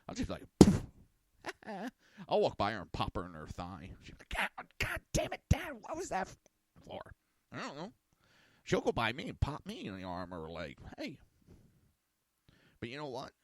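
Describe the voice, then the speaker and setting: A man's voice: lowish voice, no echo. A middle-aged man hosting a podcast, telling family stories in a blunt, crude, casual way and acting out what people said. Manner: blunt, crude, animated storyteller acting out quotes. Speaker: podcast host. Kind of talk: casual storytelling monologue.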